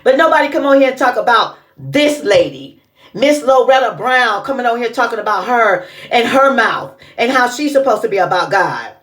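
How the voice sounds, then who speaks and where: High-voiced woman scolding in indignant commentary. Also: animated, moderate pace, fairly bright tone. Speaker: commentary vlogger. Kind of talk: casual reaction commentary.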